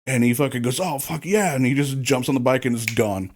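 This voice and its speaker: A man's voice: medium pitch, fairly even intonation, fast talker. A man who once worked on film crews, chatting casually and telling long, profane stories. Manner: swearing, rambling storyteller. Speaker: former film crew worker. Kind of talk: casual podcast chat.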